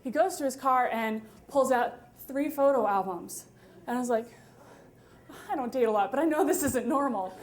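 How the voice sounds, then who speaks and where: A woman in her twenties telling a wry, funny story live on stage at a story slam, with quick asides and laughter. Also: high voice. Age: 20s.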